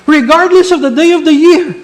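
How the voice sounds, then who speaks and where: A man's voice: extremely high pitch, a little fast, voice pushed up. A man voicing Joseph as a firm young man refusing temptation. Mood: resolute.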